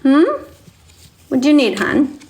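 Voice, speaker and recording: A woman's voice: sits high, a little slow, a little mellow. A woman on a livestream, reading to viewers and talking to them in a coddling, sing-song way, like a teacher with small children.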